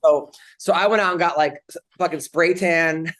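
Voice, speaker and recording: A man's voice: a little high, fairly even intonation, normal speed, a bit bright. A man telling stories on a comedy podcast, casual chat, rambling with lots of fillers and restarts.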